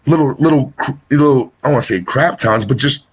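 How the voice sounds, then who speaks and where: Male interview guest with a husky voice: chatty storyteller who keeps getting sidetracked. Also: mid-range voice. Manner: rambling, sidetracked, fast bursts with restarts. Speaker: wrestler guest.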